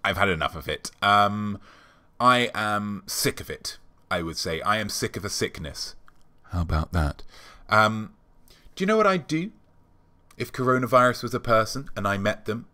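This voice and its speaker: A man hosts a comic monologue in a rambling, deadpan way, stopping often on filler ums. His voice sits fairly low but sounds bright and forceful. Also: moderate pace, long pauses. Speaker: show host.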